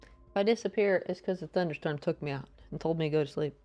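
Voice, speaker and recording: A woman streaming a game live, chatting casually and playfully with her viewers and greeting them in a high sing-song voice. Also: fast talker, mellow, dull audio, faint music behind. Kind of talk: casual live-stream chat while gaming.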